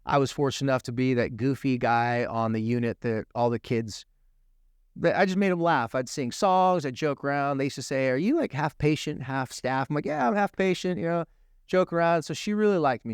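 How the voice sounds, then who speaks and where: Guy guesting on a tv talk show, earnest and animated storytelling, dry close sound. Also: mid-range voice, a little fast, smooth, dry recording. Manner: animated, emphatic, acts out quoted dialogue. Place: TV studio.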